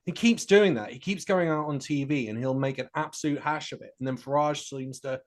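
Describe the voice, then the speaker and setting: A man's voice: a little high, fairly quick. A man co-hosting a casual political chat, joking and laughing readily. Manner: lively, jokey, laughs often.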